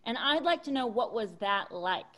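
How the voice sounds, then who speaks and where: A woman's voice: fairly high pitch, lively intonation, normal speed, fairly bright tone. A woman comedian hosting a variety show interview, asking eager, chatty questions over a video call. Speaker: comedian host.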